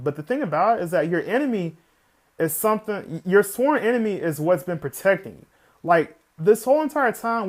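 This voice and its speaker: A man reviewing an anime episode in a casual, excitable, rambling way, often repeating "literally" and swearing now and then. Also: a little high.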